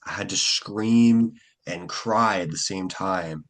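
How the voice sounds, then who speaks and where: Rambling low-voiced young man. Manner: relaxed, rambling, lots of fillers and quick acted-out quotes. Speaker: actor being interviewed. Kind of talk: casual interview chat.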